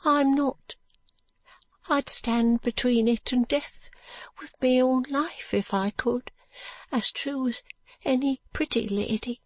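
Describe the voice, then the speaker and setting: Storybook role: woman putting on a soft, high, sorrowful poor wife. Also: fairly even intonation, slow, no echo. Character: poor weary brickmaker's wife, grieving. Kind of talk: audiobook narration.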